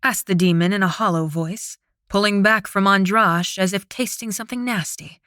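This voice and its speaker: A woman narrating an audiobook with a steady, dramatic reading, close to the microphone. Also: medium pitch, moderate pace, no room sound. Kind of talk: scripted narration.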